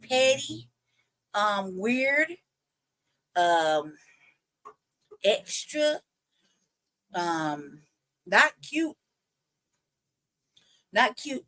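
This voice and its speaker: A woman hosting a livestream, giving a heated, profane rant that circles back on itself as she tries to calm herself down. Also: high voice. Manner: profane, heated, repetitive ranting; trying to calm herself down between outbursts. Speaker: livestream host. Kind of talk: ranting commentary livestream.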